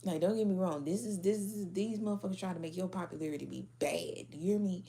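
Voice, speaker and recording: Woman tarot reader, AAVE slang, dark warm tone, faint hiss behind. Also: lowish voice, fast. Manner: blunt, profane, laughing, slangy. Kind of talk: casual tarot reading to viewers.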